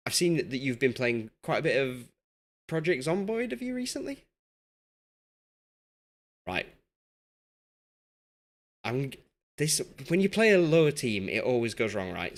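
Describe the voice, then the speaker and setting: Chatty Yorkshire man streaming a game. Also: medium pitch. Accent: Yorkshire English. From Yorkshire, England. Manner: chatty, self-deprecating, reads chat aloud. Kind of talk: casual live-stream commentary.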